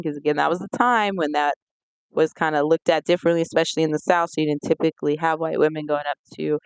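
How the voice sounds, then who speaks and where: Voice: medium pitch, quick pace, clean tone, no room sound. A movie reviewer talking in a casual, conversational way and recapping scenes from the film. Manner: conversational, retells scenes with lively acted-out quotes.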